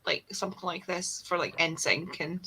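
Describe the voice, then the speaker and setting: A woman's voice: on the low side, steady tone, moderate pace, bright, forceful tone, a little hiss or hum. A woman chatting with friends, explaining things in a rambling, chatty way. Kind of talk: casual chat among friends.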